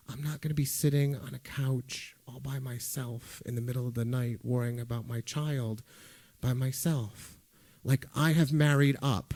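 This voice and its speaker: A middle-aged man telling a first-person story live on stage into a microphone, with conversational delivery and dry comic timing. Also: medium pitch. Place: music hall stage before a live audience.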